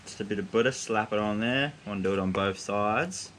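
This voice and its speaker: A man's voice: on the low side, fairly quick, fairly bright tone, a little hiss or hum. Brash man cooking on the barbie. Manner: brash and easygoing, mild swearing. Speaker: vlog host. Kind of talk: casual cooking demonstration. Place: outdoors at a barbecue.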